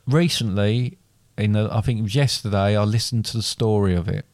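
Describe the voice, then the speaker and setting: A man's voice: fairly low pitch, brisk, darkish tone, no room sound. A man casually retelling a fairy tale in a chat, rambling and correcting himself as he goes. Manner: rambling, self-correcting storyteller.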